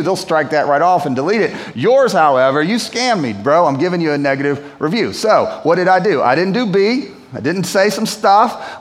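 A man's voice: on the high side, fairly bright tone. A pastor preaching a sermon to his church in a conversational, storytelling manner. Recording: long hall reverb.

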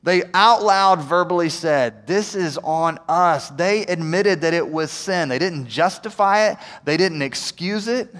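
A man preaching as a pastor in a church, conversational, with frequent "right?" asides, moving between quiet and emphatic passages. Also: high voice, a little slow, hardly any pauses. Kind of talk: sermon. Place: church sanctuary. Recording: long hall reverb.

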